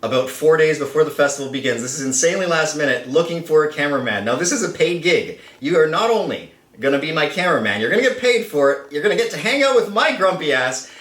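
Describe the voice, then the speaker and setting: A man's voice: fairly high pitch, expressive, quick pace, hardly any pauses, a bit bright. A man hosting a casual vlog to camera, playful and self-mocking, rambling as he talks. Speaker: channel host. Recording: roomy, slightly distant mic.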